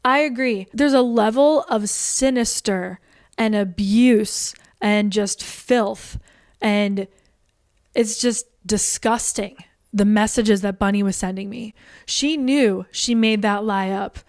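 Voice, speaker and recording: A woman's voice: mid-range voice, darkish tone. A woman telling her side of a personal feud straight to camera, blunt and indignant, often acting out what others said. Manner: indignant, blunt, quick to act out quoted voices. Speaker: online commentator. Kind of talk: direct-to-camera storytelling.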